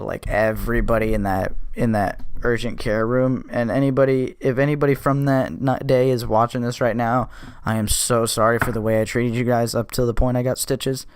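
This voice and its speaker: A man's voice: medium pitch, smooth, dry recording. A man in an ordinary middle register tells a story from his own life straight to the listener, swearing freely and restarting his sentences as he goes. His voice sits close and dry, with no room sound around it. It is casual podcast talk from the show's host. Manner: profane, blunt, restless retelling with self-corrections.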